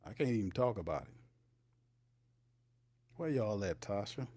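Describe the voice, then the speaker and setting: On a casual livestream sports show, a man with a lowish, warm, expressive voice speaks a little slowly. He talks loosely in slang, teases viewers in the chat, and laughs often.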